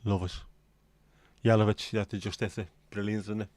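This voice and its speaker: A man's voice: fairly low pitch, little pitch movement, normal speed, a little mellow, no room sound. A middle-aged man hosting a casual late-night livestream, rambling and swearing as he bants with his chat from home. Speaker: livestream host.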